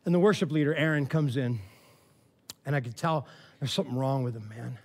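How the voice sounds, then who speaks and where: A man preaching a sermon in a casual, animated storytelling way, often saying "man" and "all right", rising to loud, excited preaching. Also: medium pitch, brisk. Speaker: pastor.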